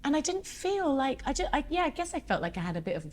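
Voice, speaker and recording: A woman's voice: high-pitched, quick pace. Chatty woman singer telling stories. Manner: chatty, animated storyteller who laughs often. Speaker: singer being interviewed. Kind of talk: casual chat.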